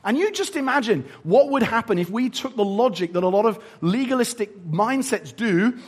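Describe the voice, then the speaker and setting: A male preacher giving a sermon in an animated, humorous, conversational way. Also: high voice, moderate pace, slightly rough.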